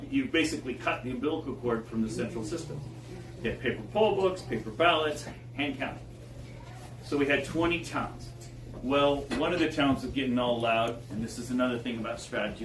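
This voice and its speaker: A man giving a public talk, telling stories in an animated way and chuckling as he goes. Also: mid-range voice. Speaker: guest speaker. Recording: echoey room, distant mic, faint background noise.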